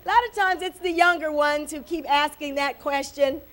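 A woman's voice: high voice, steady tone, normal speed, a bit bright. A woman pastor preaching and praying fervently at a church service, breaking in often with amens and praises. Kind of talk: sermon.

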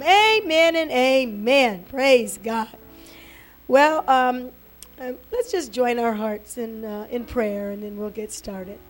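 High-voiced fervent woman preacher. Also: slow, faint music behind. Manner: fervent, punctuated with repeated amens and praises. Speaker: pastor. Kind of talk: sermon. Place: church service.

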